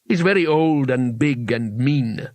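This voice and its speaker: A man's voice: mid-range voice, a little slow, darkish tone, dry recording, close to an everyday voice. A man voicing a friendly, chatty male troll who muses cheerfully and matter-of-factly. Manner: cheerful, matter-of-fact, musing. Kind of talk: audiobook character reading.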